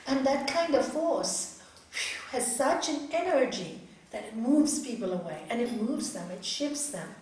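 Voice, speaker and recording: A woman's voice: a little high, unhurried, recorded from a distance, slight background noise. Woman teacher in an echoey hall. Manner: animated storytelling, acts out voices. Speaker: yoga teacher. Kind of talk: spiritual talk to a group.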